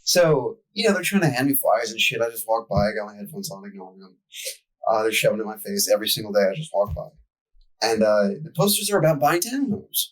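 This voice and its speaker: A young man with a husky voice, cursing freely while he rants through a story in casual podcast chat. He talks like a podcast co-host venting to a friend. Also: fairly low pitch, very animated, fast, low-quality recording. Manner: profane ranting storyteller.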